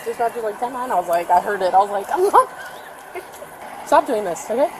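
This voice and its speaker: A woman's voice: mid-range voice, lively intonation, very fast. A woman police officer chatting and amused outdoors at night, caught at a distance on another officer's body camera. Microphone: another officer's body camera, off-mic. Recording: off-mic bodycam with loud noise.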